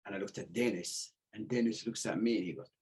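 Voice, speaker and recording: A middle-aged man telling stories in casual chat, animated, acting out the voices of the people he quotes and swearing freely. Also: on the low side, a little fast, noisy background. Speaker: podcast guest telling stories.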